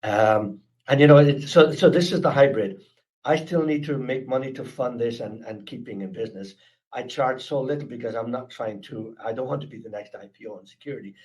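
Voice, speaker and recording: Brief: Irish East Coast man, mid-pitched, presenting a webinar, earnest and chatty. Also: fairly quick, a little mellow. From Ireland. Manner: earnest, chatty, with frequent restarts and fillers. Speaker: speaker presenting a security awareness program. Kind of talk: webinar talk with audience questions.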